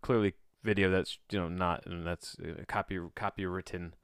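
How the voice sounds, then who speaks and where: A man's voice: deep voice, fairly even intonation, normal speed, smooth, no room sound, clean studio sound. A man hosting his own podcast, talking in a rambling, offhand way on a home mic and often breaking off mid-sentence. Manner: rambling, offhand, self-interrupting. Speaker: podcast host. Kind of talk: casual solo podcast monologue.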